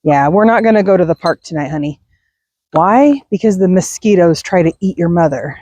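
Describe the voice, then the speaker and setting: A woman's voice: lowish voice, expressive, fairly quick, dark tone, no room sound. A middle-aged woman chatting casually while walking her dog outdoors at night, laughing and sighing often. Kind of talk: casual walk-and-talk chat.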